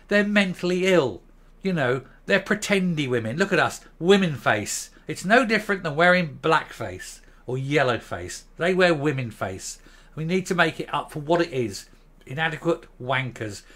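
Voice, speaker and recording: A man in his fifties hosting his own channel, ranting bluntly and profanely to camera and stopping now and then to calm himself down. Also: fairly high pitch, normal speed. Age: 50s. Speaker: commentary channel host. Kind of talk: angry opinion rant to camera.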